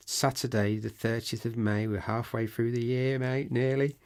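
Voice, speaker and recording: A man as a chatty podcast co-host, rambling and joking through his notes. His voice is gravelly with some fry and is wearing thin and hoarse. The delivery is loose and casual. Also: medium pitch, little pitch movement, a little slow, few pauses. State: voice going hoarse.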